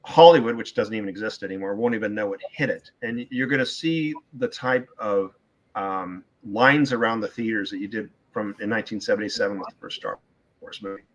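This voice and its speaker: A man's voice: on the low side, a little fast, poor audio. A middle-aged man talking as a guest author in a casual podcast interview, emphatic and opinionated, repeating words for stress.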